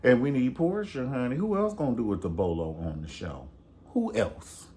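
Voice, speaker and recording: A man's voice: mid-range voice, sing-song, moderate pace, warm tone. A man chatting casually and sassily, gossipy and profane, calling the viewer "honey". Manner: sassy, gossipy, profane, says "honey" a lot. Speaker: reality TV reviewer. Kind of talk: casual chat.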